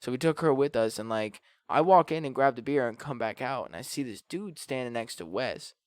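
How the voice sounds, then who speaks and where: A man's voice: medium pitch, expressive, a little fast, dry recording, studio quality. Laid-back man telling stories. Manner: laughing, swearing, filler-heavy storytelling. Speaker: storyteller friend. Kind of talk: casual chat.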